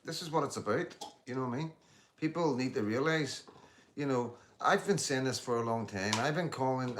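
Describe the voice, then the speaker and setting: A man's voice: medium pitch, a little hiss or hum. Blunt man chatting on a livestream. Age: 50s. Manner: chatty and blunt, swears freely. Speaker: livestream host. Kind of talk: casual livestream chat, reading out viewer comments.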